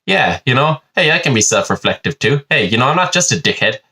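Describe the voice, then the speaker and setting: A man's voice: medium pitch, very animated, fast, bright, forceful tone. A young man, hosting a podcast in a rambling, sweary and self-mocking comic monologue. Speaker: podcast host.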